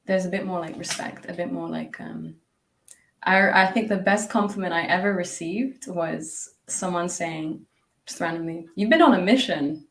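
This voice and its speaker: A woman's voice: on the low side, lively intonation, normal speed. A woman guest on a podcast, talking casually and reflectively, chatty with frequent laughs and lots of fillers and restarts. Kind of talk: casual reflective interview talk.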